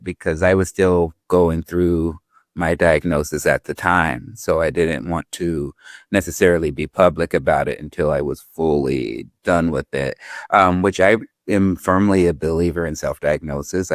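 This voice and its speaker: Deep-voiced laid-back man in his forties. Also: no room sound, studio quality. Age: 40s. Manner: laid-back, rambling, breaks into laughter. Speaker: guest. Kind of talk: casual interview talk.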